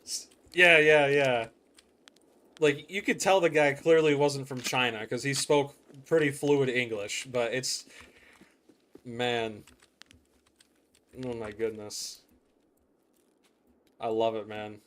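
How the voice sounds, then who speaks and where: A man's voice: medium pitch, fairly even intonation, slow, pauses often. A young man chatting casually to viewers while playing a game, rambling and laughing often. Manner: rambling, laughs often, says "dude" a lot. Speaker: gaming streamer. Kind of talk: casual gameplay chat.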